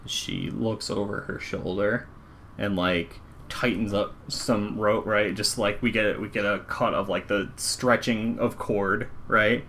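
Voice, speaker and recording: A man's voice: fairly low pitch, fairly even intonation, slow pace, bright, forceful tone, slight background noise. A man narrating as game master, talking loosely with many fillers.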